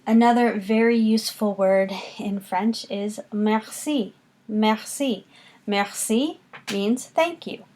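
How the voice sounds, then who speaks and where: Patient teacher voice, woman, unhurried classroom delivery with lots of repetition. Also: mid-range voice, a little mellow. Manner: patient, slow, repeats words for students to copy. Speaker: French teacher. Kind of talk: recorded classroom lesson.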